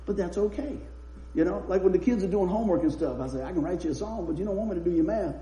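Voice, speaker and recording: High-voiced preacher telling funny stories. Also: male voice, animated, fast talker, mellow. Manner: chatty, laughing through anecdotes. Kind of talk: sermon with humorous storytelling. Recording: roomy echo.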